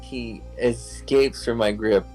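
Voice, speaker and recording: A man's voice: mid-range voice, takes it slowly, warm tone, soft background music, low-quality recording. A young man casually telling a wild story as an interview guest, rambling with lots of "like" fillers, swearing and laughing as he goes.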